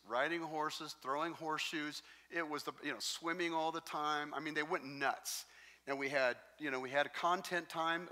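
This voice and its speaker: A man preaching a sermon as pastor, telling stories in a lively, joking way. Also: a little high. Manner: animated, jokey storytelling. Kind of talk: sermon with storytelling. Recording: long reverb in a large hall.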